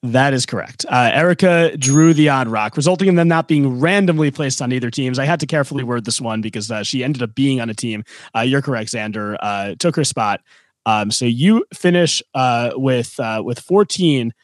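A man's voice: medium pitch, no room sound. Guy co-hosting a podcast, lots of uhs and restarts, dry close sound. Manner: halting, many fillers and restarts. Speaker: co-host running a trivia segment. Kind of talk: casual podcast chat.

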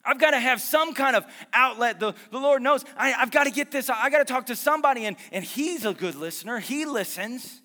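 A man preaching a sermon as pastor, lively and conversational, mixing jokes and asides about his marriage into the message. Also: very high voice, a little fast, hardly any pauses, in a large hall.

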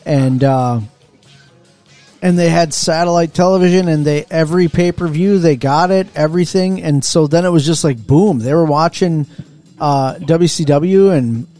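Male podcast co-host, higher register, rambling anecdotal delivery, light music bed. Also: normal speed, warm tone. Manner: rambling storyteller, many fillers. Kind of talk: casual podcast chat.

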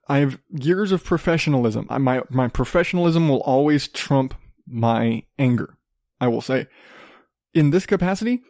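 Profane ranting man, higher voice, dry sound. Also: darkish tone, no echo. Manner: profane, ranting, acts out both sides of arguments. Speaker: podcast host. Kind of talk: profane storytelling rant.

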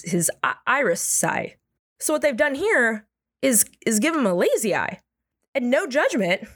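A young adult woman hosting comedic news commentary, sarcastic and exasperated, with animated asides. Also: a little high.

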